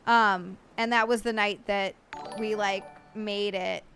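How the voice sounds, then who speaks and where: A woman's voice: medium pitch, steady tone, slow, fairly bright tone, soft background music. An American woman livestreaming, chatting casually and rambling, reading out viewer messages and swearing now and then. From United States. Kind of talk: casual live-stream chat.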